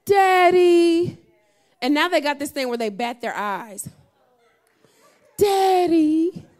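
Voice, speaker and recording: A woman preaching a sermon, talking with her congregation and building to shouts. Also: fairly high pitch, animated, brisk.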